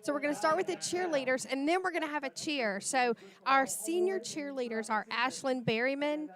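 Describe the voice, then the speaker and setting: A woman's voice: sits high, brisk, a crowd in the background. A woman, announcing for a livestream sports broadcast and reading out lists of names in a chatty way.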